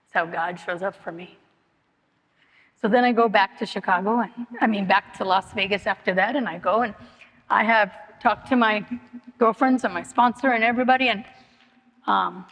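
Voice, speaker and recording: A woman's voice: mid-range voice, fairly quick, fairly bright tone. A middle-aged woman giving a personal testimony at a recovery meeting, telling her story in an earnest, repetitive, emotionally open way. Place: meeting hall. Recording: long hall reverb.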